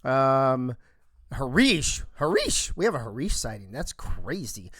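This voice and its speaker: A man hosting a live-streamed show in casual chat, joking and rattling off quick shout-outs to viewers. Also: mid-range voice, big pitch swings, breathy edge, no echo, clean studio sound.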